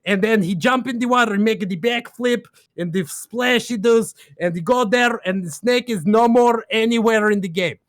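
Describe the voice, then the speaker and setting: A man's voice: high voice, normal speed, few pauses, dry recording, studio quality. A man casually recapping a game plot on a stream, rambling in broken grammar with lots of fillers and laughs.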